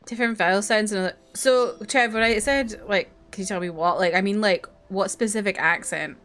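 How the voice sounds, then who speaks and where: A woman's voice: medium pitch, brisk, fairly bright tone. A young woman streaming a game, chatting cheekily with her viewers and swearing freely. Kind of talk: casual gameplay commentary.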